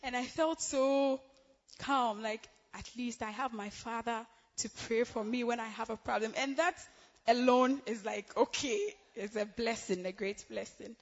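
Young woman from Ghana, church testimony, excitable with frequent laughs, dull echoey hall recording. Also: a little high, a little slow. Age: young adult. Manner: giggly, excitable, laughs often between phrases. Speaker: church member giving testimony.

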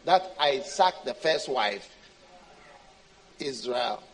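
A man's voice: mid-range voice, expressive, very slow, low-quality recording. A man preaching a sermon in an emphatic, repetitive way.

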